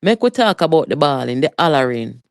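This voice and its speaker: A livestreamer with a Jamaican accent giving a heated, animated political rant, mixing Patois with English and talking straight to viewers. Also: mid-range voice, brisk, gravelly, no echo, clean studio sound. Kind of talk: live political commentary rant.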